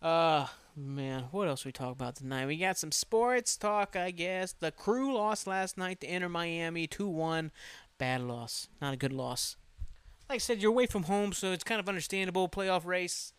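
A man's voice: high voice, moderate pace, smooth, no echo. Rambling, profane man podcasting. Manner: rambling, profane, self-mocking. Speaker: podcast host. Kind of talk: solo casual podcast chat.

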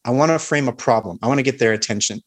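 A man's voice: mid-range voice, racing. A man explaining sales techniques with confidence, walking through the steps of a call. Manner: confident, instructive, acts out sample calls. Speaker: sales expert guest.

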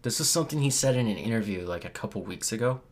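A man co-hosting a podcast in casual chat, passing on news in a wry, deadpan way. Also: lowish voice, fast. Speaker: podcast co-host.

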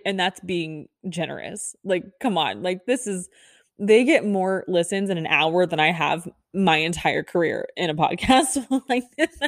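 A young woman tells a story about herself in a chatty, animated way, often poking fun at herself. Her voice sits a little low. The sound is close and dry, with no room echo. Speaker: podcast host. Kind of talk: casual storytelling.

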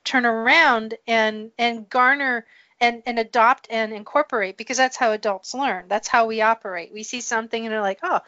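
A woman's voice: a little high, fairly even intonation, moderate pace, pushed and bright, no echo. A woman working in human resources, talking earnestly as a podcast guest and often agreeing. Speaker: HR professional, guest. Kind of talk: conversational podcast interview. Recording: dry muffled lo-fi audio.

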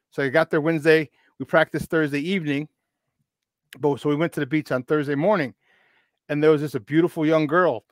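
A man's voice: fairly high pitch, dry recording. Fifty-something guy telling old stories, lots of restarts, keeps saying man, dry close sound. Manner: animated, rambling with restarts and "man". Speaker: podcast guest, football expert. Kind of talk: casual storytelling.

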